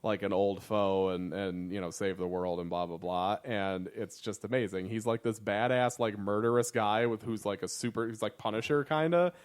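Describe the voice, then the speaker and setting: A man's voice: fairly low pitch, fairly even intonation, normal speed, hardly any pauses. A young man co-hosting a casual podcast, rambling with profane, laughing enthusiasm. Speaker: podcast co-host. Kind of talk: casual comedic chat.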